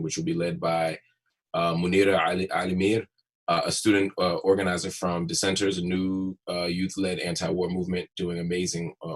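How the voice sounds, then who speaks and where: A man moderating a webinar, introducing speakers quickly with many filler pauses. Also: low voice, breathy edge.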